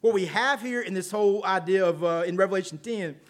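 A man's voice: high voice, a little fast. A man preaching a casual, conversational sermon, folksy and chatty with asides and frequent check-ins with his listeners.

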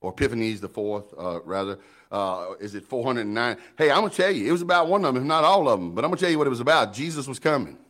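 A middle-aged man preaching a sermon in an animated, folksy way, often repeating words as he builds up. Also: medium pitch, quick pace. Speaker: pastor.

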